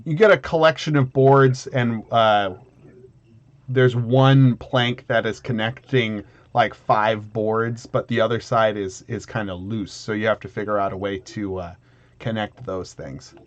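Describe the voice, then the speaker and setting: A man's voice: fairly low pitch, fairly even intonation, a little slow. Male game master, loose rambling delivery, slightly muffled recording. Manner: rambling with many fillers and restarts. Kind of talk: narrating a tabletop game.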